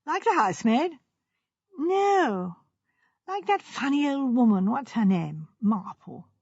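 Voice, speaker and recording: A naive young actress with a high, plaintive voice, as a woman reads her. She sounds wistful and puzzled in turn. The dry, breathy recording is a little dull. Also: sing-song, takes it slowly, darkish tone, dry recording, full character voice. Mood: troubled.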